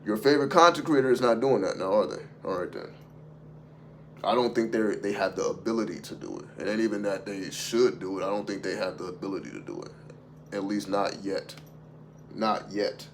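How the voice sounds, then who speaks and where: A man with a lowish voice riffs unscripted to his livestream audience as a spiritual content creator. He talks emphatically, swears freely and keeps asking rhetorical questions. A faint hum sits behind him. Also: a little fast.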